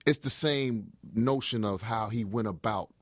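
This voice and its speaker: A man talking as an interview guest in a radio studio, reflective and halting, often stammering and restarting. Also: on the low side, no echo.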